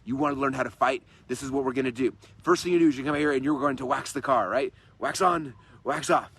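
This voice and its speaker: A man voicing a calm elderly karate teacher, giving slow, measured instructions in a low, soft voice with a husky edge. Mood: instructive.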